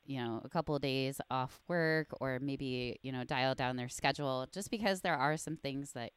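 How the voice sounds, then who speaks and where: A woman hosting a podcast and coaching competitors, relaxed and conversational, often laughing. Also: very deep voice, moderate pace, clean tone, dry recording. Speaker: podcast host, bodybuilding coach. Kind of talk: casual podcast chat.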